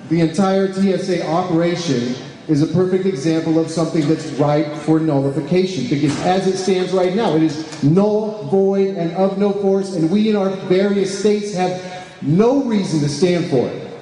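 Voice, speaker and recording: A man's voice: a little high, normal speed, warm tone. A man giving a speech to a live audience as an advocacy group's deputy director, with many fillers and restarts, often asking the room questions. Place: large echoey room with an audience. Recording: roomy hall reverb, faint background noise.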